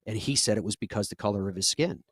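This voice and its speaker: A man's voice: on the low side, fast, slightly rough, no echo. A man hosting a live golf talk show, telling stories in an earnest, conversational way with frequent fillers.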